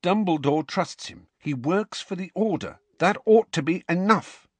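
A man doing Hermione, a sharp bossy schoolgirl. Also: breathy edge, no echo. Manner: raised pitch, brisk and snappish. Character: clever bossy teenage schoolgirl, sharp and earnest. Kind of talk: audiobook character reading.

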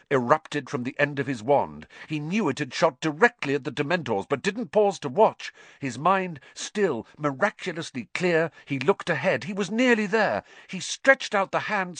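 Guy reading a storybook out loud, super animated, dramatic, dry close sound. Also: on the high side, dry recording. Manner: lively, dramatic storytelling with shifting pace. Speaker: audiobook narrator. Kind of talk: expressive audiobook narration.

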